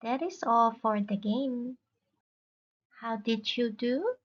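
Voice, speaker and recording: A woman teaching a beginner language lesson, speaking slowly and clearly and repeating each word three times. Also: a little high, expressive, muffled recording.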